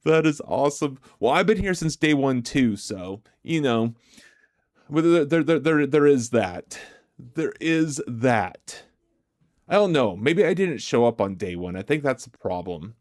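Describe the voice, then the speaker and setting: A man's voice: medium pitch, animated, a little slow, darkish tone, dry recording, clean studio sound. A man hosting a livestream, chatting casually with viewers, answering their comments aloud and laughing often. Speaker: livestream host. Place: home streaming setup.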